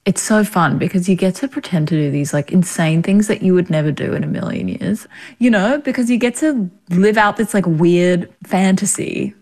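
A woman's voice: fairly low pitch, normal speed, darkish tone. An Australian woman in her thirties, an actress chatting as a guest in an interview, talking freely with frequent laughter. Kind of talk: casual interview.

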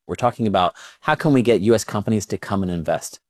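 A man's voice: fairly low pitch, quick pace, a little mellow, no room sound, clean studio sound. A man, a former diplomat, giving formal, policy-minded interview answers.

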